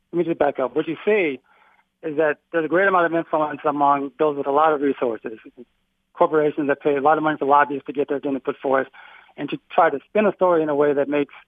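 Male professor guest, explanatory and measured, slightly high voice, narrow dry audio. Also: no room sound. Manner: measured, explanatory, self-correcting. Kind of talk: radio discussion. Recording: phone-like narrow sound.

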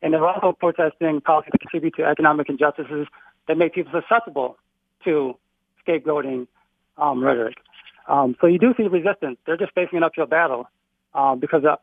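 Male professor guest, explanatory and measured, slightly high voice, narrow dry audio. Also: vocal fry, dry recording. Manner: measured, explanatory, self-correcting. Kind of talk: radio discussion. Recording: phone-like narrow sound.

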